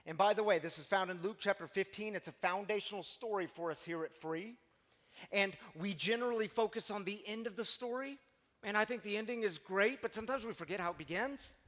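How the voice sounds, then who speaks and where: A man's voice: high-pitched, brisk, a bit bright, big-room sound. A man preaching a sermon as pastor, conversational and emphatic, full of rhetorical questions.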